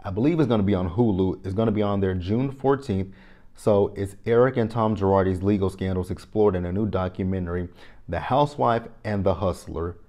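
A man giving a casual, animated reality TV review, repeating phrases for effect. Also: low-pitched, a little fast. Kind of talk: casual commentary.

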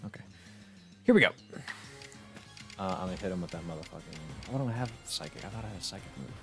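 A man with a very low voice talks through a game stream in a casual, cussing, excitable way, tripping over his words as he reacts. Faint game music plays underneath him. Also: fast talker. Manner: profane, excitable reactions with frequent restarts. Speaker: streamer playing a video game. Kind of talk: casual let's-play commentary.

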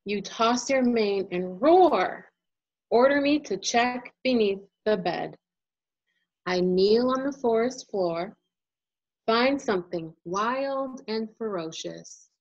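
A woman illustrator reading a children's picture book aloud, as a gentle and expressive storyteller. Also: a little high, slow, muffled recording.

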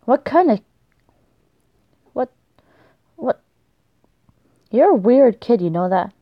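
Young woman, gaming commentary, excitable, swears a lot, dull lo-fi sound. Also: on the high side, takes it slowly, dry recording. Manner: excitable, swears a lot, shrieks when startled. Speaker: gaming YouTuber. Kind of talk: let's play commentary.

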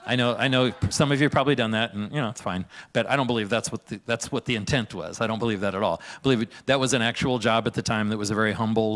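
A man's voice: fairly low pitch, a bit bright. A man preaching in a church, casual and chatty, often asking "right?" and laughing as he talks. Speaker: pastor. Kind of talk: conversational sermon.

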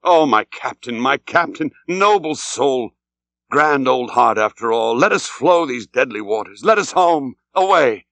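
A man's voice: medium pitch, lively intonation, unhurried, a bit bright, dry recording. A man doing an earnest, pleading first mate.

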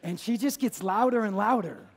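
A man preaching as a pastor, telling a story in a lively, conversational, jokey way. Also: high-pitched, moderate pace, slightly rough. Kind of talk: sermon with storytelling. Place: church service.

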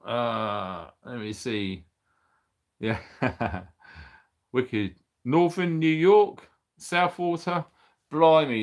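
A man's voice: medium pitch, fairly bright tone. Chatty British man hosting a livestream. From United Kingdom. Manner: chatty, upbeat, reading out viewer names; laughs often, exclaims blimey and bonkers. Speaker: livestream host. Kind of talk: casual livestream chat.

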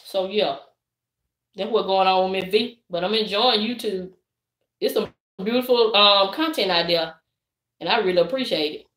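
Bright-voiced Southern woman chatting live. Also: mid-range voice, moderate pace, long pauses, echoey room. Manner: lively, preachy, talks to viewers directly with "y'all" and "baby". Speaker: vlogger. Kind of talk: casual live-stream chat.

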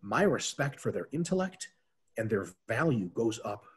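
An energetic man riffs as a podcast guest, cursing freely and joking around. His voice is a little husky, and his pitch swings widely as he talks. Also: moderate pace. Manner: animated, profane, jokey. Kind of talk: casual podcast chat.

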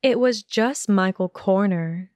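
A clipped indignant teen witch, voice pushed higher, slow smooth read by a woman, dry sound. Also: a little mellow, dry recording, lightly acted. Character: sharp-tongued indignant teenage witch.

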